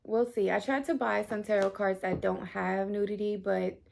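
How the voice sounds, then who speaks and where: A woman's voice: mid-range voice, fairly even intonation, moderate pace, vocal fry, a little mellow. A woman in her thirties giving a casual tarot reading to camera, chatty, full of fillers, and swearing now and then. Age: 30s. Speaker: tarot reader.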